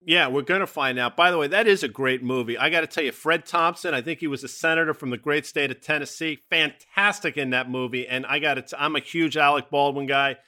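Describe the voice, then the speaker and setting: A man co-hosting a podcast about markets, speaking in a bright, forceful voice set a little high. He talks casually but emphatically and throws out strong opinions. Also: brisk, hardly any pauses. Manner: emphatic, opinionated, name-dropping movie quips. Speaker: podcast co-host.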